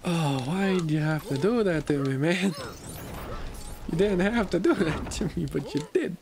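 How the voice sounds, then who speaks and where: Slow, gravelly man grumbling over a game. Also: fairly high pitch, expressive, a little mellow, slight background noise. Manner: frustrated, self-deprecating grumbling. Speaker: streamer. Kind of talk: casual gameplay commentary.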